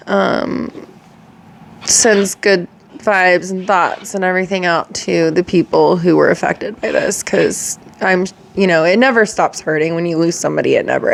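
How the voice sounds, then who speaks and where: A young adult woman hosting a reaction video, talking in a halting, emotional way with sighs and restarts. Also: fairly low pitch. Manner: halting, sighing, emotional talk. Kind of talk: casual reaction vlog.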